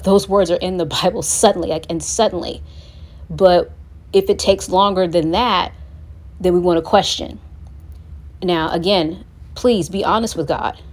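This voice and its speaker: A woman's voice: on the low side, darkish tone. A young adult woman hosting a faith-based talk for singles, earnest and encouraging, speaking conversationally and acting out prayers aloud. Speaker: host.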